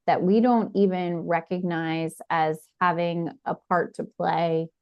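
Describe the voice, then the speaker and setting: A woman's voice: lowish voice, steady tone, slow pace, muffled recording. Reflective woman podcast host. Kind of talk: casual conversation.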